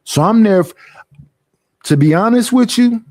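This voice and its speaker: Young man, high-pitched, dry close sound, profane animated streamer rant. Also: unhurried, no room sound. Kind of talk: casual storytelling rant.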